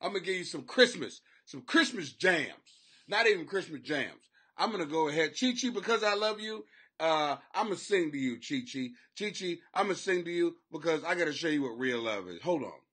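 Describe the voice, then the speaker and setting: A man hosting a comedy podcast, talking rowdy and profane, often breaking into shouts and silly voices. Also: on the high side, lively intonation, a little fast, husky. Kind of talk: rowdy comic commentary. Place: home basement.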